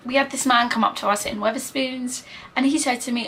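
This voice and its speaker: A young British woman of nineteen speaks with a British accent in a casual storytime vlog. Her voice sits a little high, and she talks earnestly, with fillers and quoted dialogue along the way. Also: steady tone, brisk, fairly bright tone. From Britain. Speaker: vlogger.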